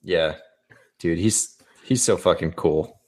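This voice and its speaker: Low-voiced, laid-back male podcaster. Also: slow pace. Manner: laid-back, swearing, hesitant restarts. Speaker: podcast co-host. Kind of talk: casual movie podcast chat.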